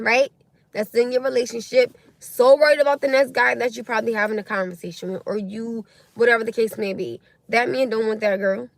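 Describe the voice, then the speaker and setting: A woman's voice: on the high side, a bit bright, dry recording. Blunt young woman on a livestream. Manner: blunt, opinionated, reacting to viewer comments. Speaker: livestream host. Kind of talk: casual livestream chat. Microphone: phone or webcam livestream.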